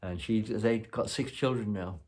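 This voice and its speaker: A man's voice: lowish voice, unhurried, a little mellow, slight background noise. A man hosting a show, telling a rambling, casual story with many asides. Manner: rambling, chuckling, full of "you know". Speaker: host.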